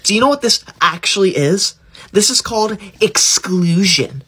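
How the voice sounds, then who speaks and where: A man acts out a preachy teacher's pet in a sketch, a self-righteous kid who bosses classmates around, whines, and keeps threatening to tell on them. The performance is heavily acted, his voice high, animated, a bit bright, and husky.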